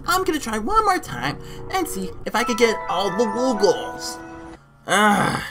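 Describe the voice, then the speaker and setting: Woman gamer, let's play commentary, excitable, exasperated, wildly swinging pitch, loud game music behind. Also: measured pace, gravelly.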